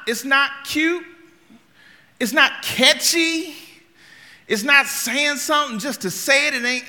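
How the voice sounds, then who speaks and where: A man preaching a sermon with a high, very bright and piercing voice. He tells humorous stories in a conversational way, moving from hushed asides to loud outbursts. His voice rings with a long reverb. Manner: conversational, humorous, swings from quiet storytelling to loud shouting.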